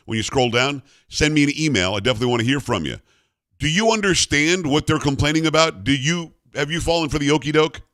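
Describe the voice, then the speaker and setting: A man's voice: mid-range voice, a bit bright, no room sound, studio quality. Blunt, combative talk radio host man. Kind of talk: political talk radio monologue.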